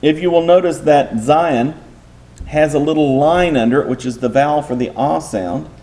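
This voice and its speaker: A man's voice: on the high side, normal speed, dark tone. A man teaching a Bible class in a lecture style, patiently explaining step by step and posing rhetorical questions to his listeners.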